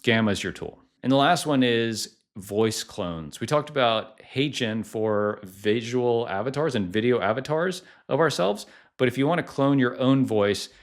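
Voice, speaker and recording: A man's voice: mid-range voice, lively intonation, normal speed, few pauses. A middle-aged man hosting a casual tutorial vlog, talking in a chatty way full of "like" and "uh". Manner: chatty, lots of "like" and "uh" fillers. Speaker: tech YouTuber, podcasting company founder.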